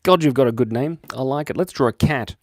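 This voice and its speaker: A young Australian man chatting casually with his viewers while he draws on a livestream, playful and quick to jump from excited to quiet. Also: no echo, studio quality. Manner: playful, jumps between high excited bursts and quiet mumbles. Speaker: livestream host drawing for chat. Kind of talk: casual live-stream chat while drawing.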